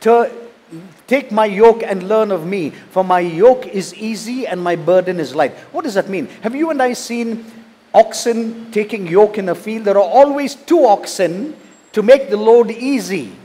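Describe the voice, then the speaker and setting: A man's voice: sits high, animated, unhurried, mellow, slightly rough. A man, a pastor from India, preaching a sermon, reading scripture and asking rhetorical questions. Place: church.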